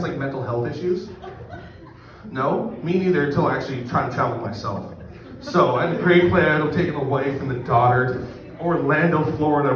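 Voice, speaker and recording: A man's voice: fairly high pitch, fairly bright tone. A middle-aged man from Canada telling a profane, rambling, self-mocking story in a stand-up set. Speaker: stand-up comedian. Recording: echoey distant room mic, muffled.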